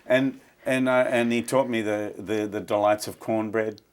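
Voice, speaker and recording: A man's voice: lowish voice, fairly even intonation, normal speed, a little hiss or hum. Chatty Australian man telling stories. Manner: chatty, repeats words while recalling stories. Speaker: guest musician. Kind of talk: relaxed storytelling interview.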